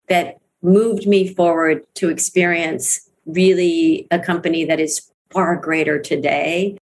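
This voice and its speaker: A woman's voice: lowish voice, fairly even intonation, a little slow, hardly any pauses, a little mellow, slight background noise. A middle-aged woman speaking as an interview guest about her network marketing career, earnest and emphatic, repeating phrases for weight. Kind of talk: candid interview talk.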